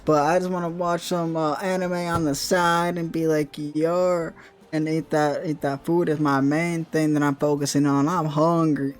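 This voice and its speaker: A man's voice: on the high side, little pitch movement, moderate pace, few pauses. A young man streaming a game, rambling and joking in casual commentary and swearing often.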